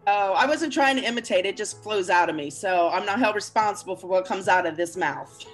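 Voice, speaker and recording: Female radio co-host, mid pitch, gushing and friendly, faint music bed. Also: brisk. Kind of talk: casual radio talk.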